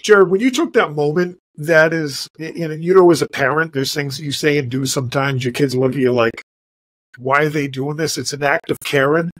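A man's voice: on the high side, a little fast, hardly any pauses, no echo. Earnest man co-hosting a podcast. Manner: earnest and reflective, asks follow-up questions. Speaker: podcast co-host. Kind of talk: interview questions and reflection.

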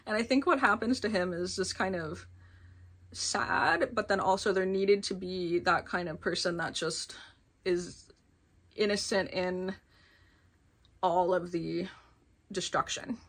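A woman giving a casual, rambling book review, full of filler words and quick laughs. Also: lowish voice, fairly bright tone. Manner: chatty, rambling, many filler "like"s, laughs often.

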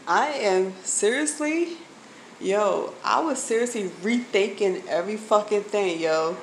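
A woman's voice: mid-range voice, a little slow, background noise. Angry woman venting to her viewers. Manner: emphatic, profane, addresses viewers directly. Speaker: vlogger.

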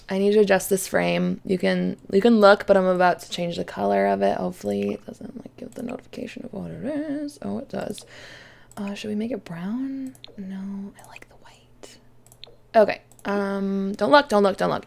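A young woman casually chatting over her game as a YouTuber, excitable and often dropping to a whisper. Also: mid-range voice, moderate pace, creaky. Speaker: gaming YouTuber. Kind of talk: casual let's-play commentary.

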